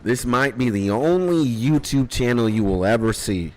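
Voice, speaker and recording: A game streamer chats casually during live gameplay, his mid-range voice animated and moderately paced. He rambles, laughs often, and swears now and then, with faint retro game music behind him.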